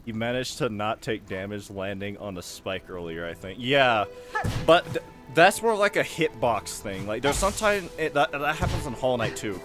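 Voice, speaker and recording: A man's voice: mid-range voice, sing-song, normal speed, fairly bright tone, faint music behind. A man from the United Kingdom giving casual, chatty gameplay commentary, easily amused and laughing often. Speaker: gaming video host.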